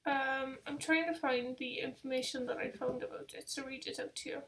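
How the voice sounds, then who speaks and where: A woman's voice: sits high, steady tone, brisk, a bit bright. A young woman hosting a casual live travel quiz, chatty and rambling, with self-deprecating asides. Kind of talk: casual live-stream chat.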